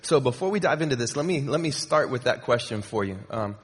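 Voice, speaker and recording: A man's voice: mid-range voice, quick pace, hardly any pauses. Guy preaching, chatty, lots of ums and restarts, big echoey church hall. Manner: conversational, with many fillers and repeats. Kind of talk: sermon. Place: church sanctuary. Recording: long hall reverb.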